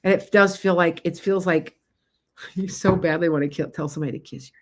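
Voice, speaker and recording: A woman's voice: lowish voice, fairly even intonation, fairly quick, darkish tone. A middle-aged woman doing a live-streamed tarot reading, chatting casually and calling out viewers by name. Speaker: psychic tarot reader.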